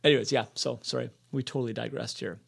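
A man in his forties from Canada, co-hosting a casual faith podcast, chatty and quick to laugh. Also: medium pitch, fairly even intonation, vocal fry, a bit bright, breathy edge. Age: 40s. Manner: chatty, laughs easily, digresses. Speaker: podcast co-host.

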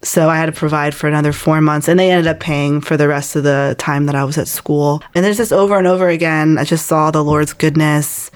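A woman's voice: low voice, fairly even intonation, a little fast, hardly any pauses. A woman in her twenties, a guest telling her personal faith story in a casual, earnest way, with many "like"s. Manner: casual and earnest, heavy use of "like".

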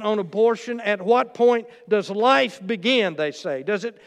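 Male preacher, high smooth voice, storytelling sermon delivery, long hall reverb. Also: fairly bright tone. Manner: storytelling with quotes and asides.

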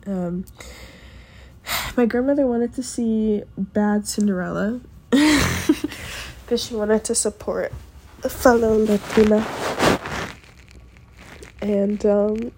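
A woman telling a personal story in a casual podcast. Her voice is mellow and dark at a mid pitch. She rambles with lots of fillers and lifts her voice when she acts out what others said. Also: slow, long pauses, a little hiss or hum. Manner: chatty, lots of fillers, acts out quotes with a raised voice. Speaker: podcast host.

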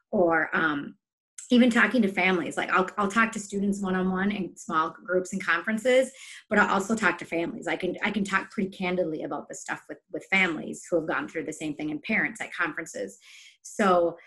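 Passionate woman with a lower voice. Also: a bit bright. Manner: passionate, emphatic. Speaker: teacher, podcast guest. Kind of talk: casual conversation.

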